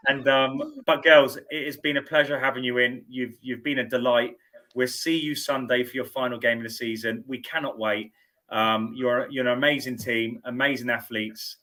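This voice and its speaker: A man's voice: mid-range voice, steady tone, moderate pace, a bit bright. A middle-aged man hosting a sports show, chatting casually and repeating words as he thinks aloud. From United Kingdom. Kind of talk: casual studio interview chat.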